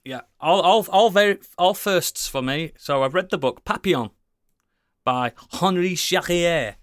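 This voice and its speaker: A man chatting casually as a podcast co-host, rambling and enthusiastic, swearing often and filling pauses with ums and likes. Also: sits high, no room sound, studio quality. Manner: rambling, enthusiastic, swears a lot, many fillers. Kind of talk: casual chat.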